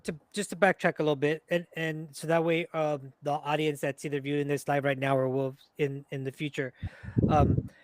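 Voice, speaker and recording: Podcast host, man, slightly raised pitch, dry studio sound, calm interviewer. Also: dry recording. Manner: brief listening responses, measured questions. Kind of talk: casual interview questions.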